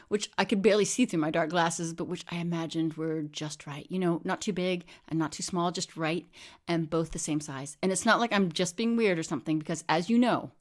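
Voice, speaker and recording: A woman narrating a comic monologue, deadpan and wry, with a slightly low voice. She slips into whispered asides and half-muttered remarks between lines. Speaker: storyteller.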